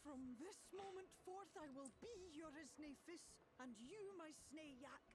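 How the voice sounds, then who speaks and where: A woman's voice: sits high, a little slow, over music. An actress voicing a playful, curious female pixie in a video game, with a whimsical, lilting, theatrical delivery. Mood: solemn.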